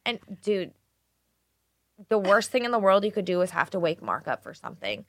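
A woman co-host telling animated, profanity-laced stories in a casual chat. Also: mid-range voice, moderate pace, dry recording, studio quality.

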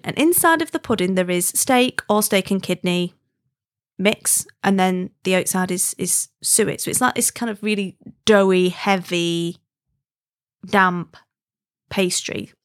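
In studio-quality audio with no echo, a medium-pitched woman's voice tells a casual story. She's an adult married woman from Wigan in northern England, speaking with a Wigan accent in a chatty, emphatic manner and frequently tagging on "right?"

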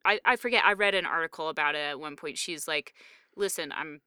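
A woman co-hosting a podcast, chatting casually and wandering off on tangents, with plenty of fillers. Her voice is bright and smooth, and the sound is dry and close to the mic. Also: low-pitched, fast talker, no echo. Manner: chatty and digressive, with many fillers. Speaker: podcast co-host. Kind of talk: casual chat.

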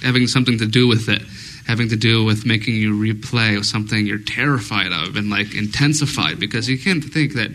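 Co-host, male; bright tense voice, rambling with fillers, faint hiss. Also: lowish voice, a little fast, few pauses, rough recording. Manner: rambling, thinks aloud with many fillers. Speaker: podcast co-host. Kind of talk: casual fan discussion before a live audience. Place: live event with an audience.

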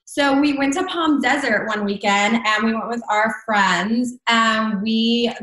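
Woman, higher voice, casual storytelling, chatty, lots of fillers, echoey room. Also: a little slow, fairly bright tone. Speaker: guest.

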